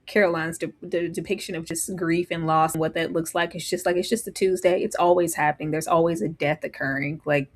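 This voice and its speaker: A woman co-hosting a casual live recap chat, expressive and emphatic, often laughing as she talks. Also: low-pitched, brisk, hardly any pauses. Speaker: co-host.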